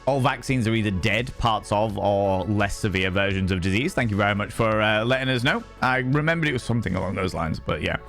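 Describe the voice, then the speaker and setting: Chatty, cussing streamer. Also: male voice, lowish voice, fairly quick, hardly any pauses, soft background music. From Yorkshire, England. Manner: chatty and swearing, greets viewers warmly by name. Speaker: livestream host. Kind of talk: casual live-stream chat.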